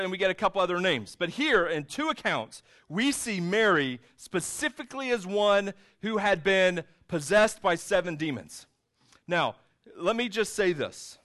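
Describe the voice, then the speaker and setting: A pastor delivers a sermon with a notably high-pitched voice. He is a man retelling the scene in loose, conversational storytelling, speaking to a church congregation. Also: sing-song, measured pace, a bit bright. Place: church sanctuary with a screen.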